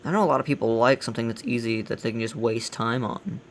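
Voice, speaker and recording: A man with a gravelly voice hosting a casual let's play, giving blunt, grumbling critique as he plays. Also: medium pitch, fast talker, slight background noise. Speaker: gaming channel host.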